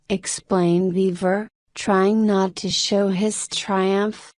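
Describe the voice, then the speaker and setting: Very slow, deliberate woman narrator. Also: mid-range voice, level tone, a little mellow, no echo, studio quality. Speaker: story narrator. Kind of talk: graded reader narration for learners.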